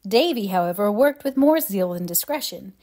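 A woman reading a classic novel aloud in an even, measured storytelling voice. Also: mid-range voice. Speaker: audiobook reader.

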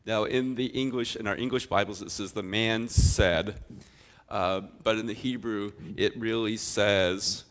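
A middle-aged man, a pastor, preaching a sermon with expressive storytelling that swings from loud to quiet. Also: on the low side, normal speed, few pauses.

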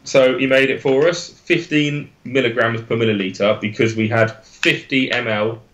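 This is a young Englishman with an Oxfordshire accent, talking on a relaxed live stream as a guest. His pitch sits in an ordinary middle range. He rambles, restarts his sentences and laughs easily. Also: normal speed, highs cut off, a little hiss or hum. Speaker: guest, e-liquid maker. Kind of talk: casual live-stream chat.

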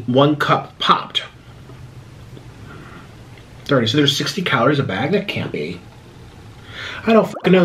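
A slightly high-voiced American man rambles chattily to his viewers during an eating vlog, often abandoning sentences and starting them again. The background is noisy.

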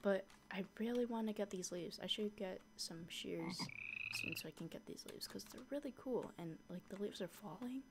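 A young woman chatting casually through a modded block-building game, easily scared and quick to shriek at monsters. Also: medium pitch, gravelly, very noisy. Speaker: gaming YouTuber. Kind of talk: casual gameplay commentary.

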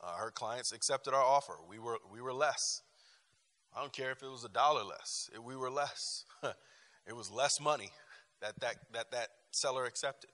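Male class teacher, emphatic and repetitive, forceful bright tone, church room with long reverb. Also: medium pitch, normal speed. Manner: emphatic, repeats phrases and restarts often. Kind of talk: lively class talk with personal stories.

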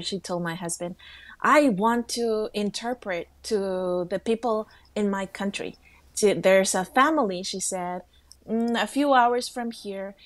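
A woman co-hosting a faith talk show, telling a story with lively quoted voices. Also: mid-range voice, no room sound. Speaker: co-host.

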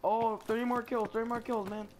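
A man giving excitable, slangy, trash-talking commentary over his gameplay. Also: extremely high pitch, fairly quick, heavy background noise. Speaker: gamer. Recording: loud gunfire from the game behind. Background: game gunfire and effects.

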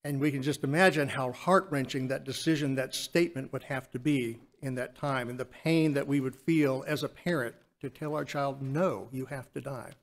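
A man giving an earnest Lord's Supper reflection in church, slowing down to stress key phrases. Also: mid-range voice, steady tone. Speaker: church speaker. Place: church sanctuary.

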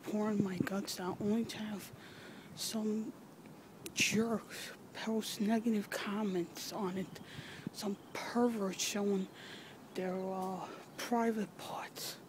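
A woman recording an emotional personal video message, halting, sighing and swearing as she nears tears. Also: mid-range voice. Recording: noisy background with vehicles.

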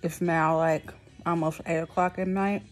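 A woman's voice: on the low side, little pitch movement, moderate pace, faint music behind. A woman vlogging casually, frustrated and blunt, her speech thick and lisping from a new palatal expander. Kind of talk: casual venting to camera.

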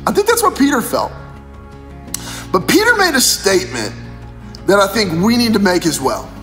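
A man's voice: high-pitched, wildly swooping pitch, moderate pace, a bit bright, in a large hall, faint music behind. A man preaching a casual devotional as pastor, retelling scripture in slangy everyday speech.

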